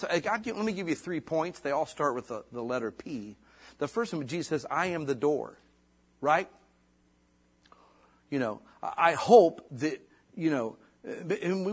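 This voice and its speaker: A middle-aged male pastor preaches in a chatty, folksy style, full of asides. His fairly high voice swings widely in pitch and has a husky edge. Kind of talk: sermon.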